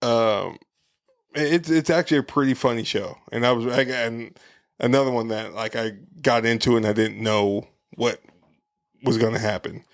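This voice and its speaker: A man in casual podcast chat, talking in a relaxed, meandering way. He stops and restarts often and fills the gaps with ums and likes. His voice sits at an ordinary middle pitch. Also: moderate pace. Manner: relaxed, rambling with frequent fillers. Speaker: podcast co-host.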